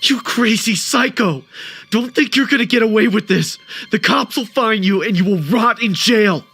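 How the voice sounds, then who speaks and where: A man's voice: sits high, moderate pace, pushed and bright, husky, soft background music, voice pushed up, exaggerated voice. A man voicing a terrified young woman held captive, frantically pleading and screaming in a horror story. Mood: defiant yelling.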